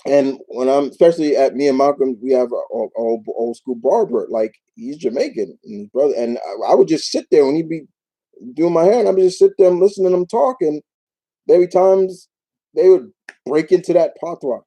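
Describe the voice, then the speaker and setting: A man from New York hosting a casual live Q&A, talking in a rambling, animated way with many restarts. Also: on the high side, fairly quick, rough recording. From New York, United States. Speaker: YouTube show host.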